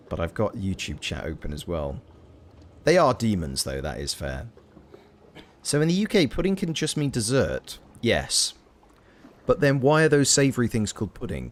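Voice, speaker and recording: A man's voice: lowish voice, slight background noise. Chatty Welsh man streaming a game. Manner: chatty, reads and answers chat, playful tangents. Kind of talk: casual live gameplay commentary.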